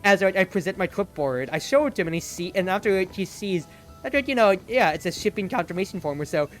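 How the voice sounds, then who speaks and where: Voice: medium pitch, lively intonation, quick pace, soft background music. A young adult streamer telling a long, rambling story in casual stream chat, leaning heavily on "like" as a filler. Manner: rambling storytelling, heavy use of "like".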